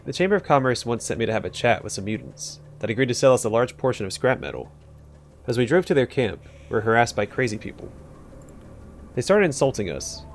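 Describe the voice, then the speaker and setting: A man's voice: mid-range voice, slight background noise. A man voicing a jumpy clerk who blurts out slogans. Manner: bursts out with shouted word lists, then apologizes.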